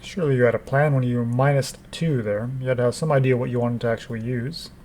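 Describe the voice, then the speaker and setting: A man's voice: mid-range voice, fairly even intonation, quick pace, darkish tone, slight background noise. Man giving dry, wry game commentary. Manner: dry, wry asides to the opponent. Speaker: gameplay commentator. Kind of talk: casual gameplay commentary.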